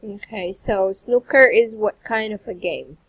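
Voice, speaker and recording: Slow, husky woman tutor. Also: mid-range voice, poor audio. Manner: patient, prompting with questions and soft acknowledgements. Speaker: English tutor. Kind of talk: online English conversation lesson.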